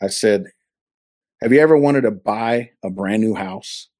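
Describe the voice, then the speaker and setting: A man from California with a somewhat low voice gives a personal testimony in a casual interview. He tells it earnestly and acts out the back-and-forth of the conversations he recalls, heard over a video call. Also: unhurried, a little mellow, no room sound, clean studio sound. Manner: earnest storytelling that acts out quoted dialogue. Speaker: interview guest.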